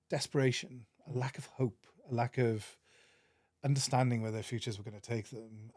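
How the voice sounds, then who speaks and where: A man with a Welsh accent, a podcast guest telling stories in an earnest, animated way with many restarts. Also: mid-range voice, no echo, clean studio sound. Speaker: podcast guest, managing director. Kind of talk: casual interview storytelling.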